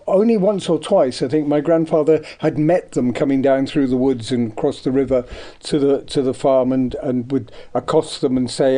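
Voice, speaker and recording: Older Devon-raised man, mellow tone, anecdotal radio guest. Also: medium pitch. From Devon, England. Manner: rambling, anecdotal, many ums. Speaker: guest, artist. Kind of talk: radio interview chat. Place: radio studio.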